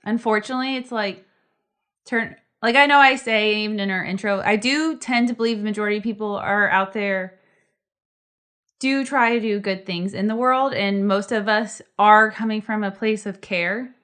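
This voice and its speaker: Woman, podcast co-host, casual chat, earnest, reflective, smooth resonant voice. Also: mid-range voice, steady tone, moderate pace, a bit bright.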